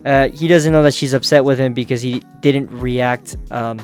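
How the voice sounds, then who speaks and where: A man's voice: medium pitch, fairly even intonation, moderate pace, a little mellow, faint music behind. A man hosting a casual manga recap who talks loosely, laughs often, swears and uses many fillers. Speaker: manga review host.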